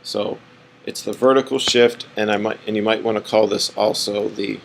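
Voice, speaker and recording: A man's voice: fairly low pitch, fairly even intonation, moderate pace, gravelly, a little hiss or hum, rough recording. A man teaching a math lesson, rambling and correcting himself as he draws on the board. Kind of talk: classroom lecture.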